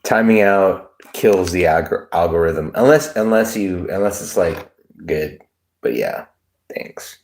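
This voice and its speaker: A man's voice: sits low, animated, measured pace, darkish tone, slight background noise. A man hosting a livestream, rambling and joking crudely while reading chat aloud. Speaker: livestream host.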